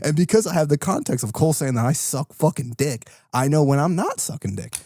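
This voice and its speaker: A man's voice: on the high side, big pitch swings, fairly quick, dark tone, no room sound, clean studio sound. A man co-hosting a podcast in casual chat, ranting with plenty of swearing and laughter. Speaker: podcast co-host.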